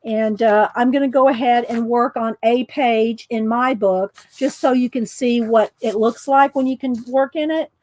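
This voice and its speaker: A woman's voice: on the high side, normal speed, hardly any pauses, darkish tone. A woman running a live craft demonstration, chatting with viewers and giggling often as she goes. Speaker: art journaling instructor.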